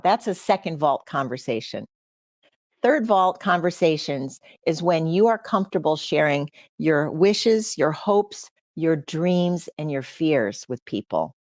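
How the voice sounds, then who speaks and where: A woman's voice: low voice, expressive, measured pace, darkish tone, dry recording, studio quality. A middle-aged woman hosting a livestream, speaking earnestly and personally to her audience. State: choked up with emotion. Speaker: podcast host.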